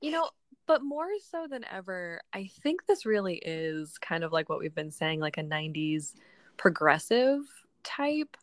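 Young woman rambling about a book, laughs a lot, voice on the low side, still getting over being sick. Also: sing-song, a little slow, dry recording. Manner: chatty, rambling, laughs often. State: voice recovering after illness. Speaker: podcast co-host. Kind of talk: casual book club chat.

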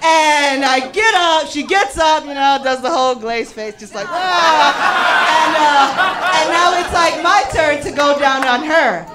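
A woman doing live stand-up, telling a raunchy story in a brash, profane and animated way, often laughing through her lines. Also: high voice, unhurried, music in the background, crowd noise. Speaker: stand-up comedian.

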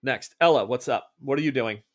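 A man running a tabletop horror game as game master, narrating slowly and deliberately. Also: medium pitch. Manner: slow, deliberate descriptive narration.

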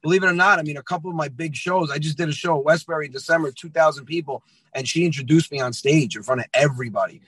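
Male comic, 30s, bright and a bit high, animated storyteller, dry close sound. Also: quick pace, breathy edge, no echo, rough recording. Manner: lively, acts out dialogue, says "man" often. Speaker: comedian guest.

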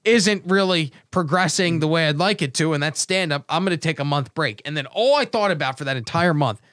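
Bright-voiced, animated man telling a story. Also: a little high, brisk, no echo, studio quality. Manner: rambling, animated storytelling with swearing. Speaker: podcast host and stand-up comic. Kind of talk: casual chat.

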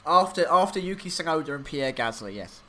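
A man co-hosting a podcast, talking through his racing analysis in a rambling, animated way with many fillers. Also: fairly high pitch, fairly quick. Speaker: podcast co-host. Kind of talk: casual motorsport podcast chat.

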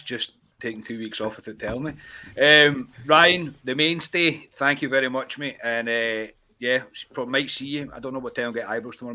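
A Scottish man hosting a casual podcast chat, lively and jokey, quick to laugh. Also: mid-range voice. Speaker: podcast host.

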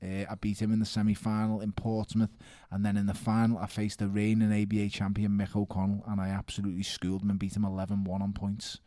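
A man, telling animated stories in a podcast interview, laughing and shouting out quoted lines. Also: lowish voice, fast talker, hardly any pauses, no room sound, studio quality. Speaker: guest boxer. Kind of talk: podcast storytelling.

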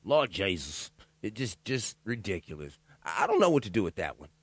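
A man talking alone in a loud, profane, joking commentary, riffing on a news story and reading parts of it aloud haltingly. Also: on the low side, husky, no room sound. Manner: loud, profane, animated riffing with laughs and asides. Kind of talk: casual profane commentary monologue.

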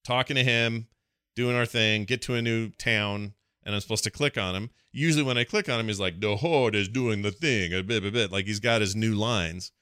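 A man co-hosting a casual gaming podcast, animated and quick to laugh. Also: on the low side, smooth, dry recording, clean studio sound. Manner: animated, laughs often, does quick voice impressions. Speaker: podcast co-host.

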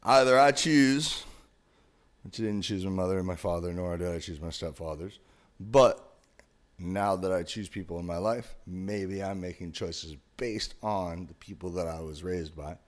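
A man with a very low voice pours out a raw, emotional confession as a podcast host. He sounds broken up, and his tone keeps climbing into forceful emphasis. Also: fairly even intonation, moderate pace. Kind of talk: emotional personal monologue.

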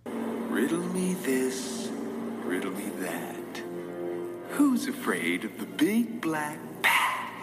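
A man's voice: medium pitch, wildly swooping pitch, slow. An actor playing a manic, flamboyant male supervillain in a film, taunting in a shrieking sing-song. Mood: sly menacing. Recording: film clip with loud score, long reverb. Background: film score music.

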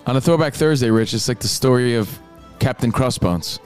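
A man co-hosting a casual talk radio show, excitable and loud when recounting stories. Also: medium pitch, normal speed, faint music behind. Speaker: co-host.

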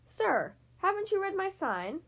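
A woman voicing a small male mouse dentist who speaks firmly and briskly. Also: sits high, animated, gravelly, heavily acted. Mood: shouting. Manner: firm, brisk, stern.

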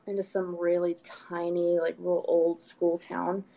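A woman's voice: on the low side, little pitch movement, a little slow, gravelly, dark tone, low-quality recording. A young woman from Texas with a light Texan accent, chatting casually on a podcast. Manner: chatty, laughs at herself, lots of likes. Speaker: podcast guest. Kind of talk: casual chat.

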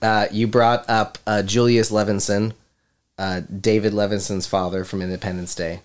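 A man's voice: on the low side, flat delivery, normal speed, smooth. A man hosting a casual podcast chat, joking and rambling with frequent restarts. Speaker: podcast host.

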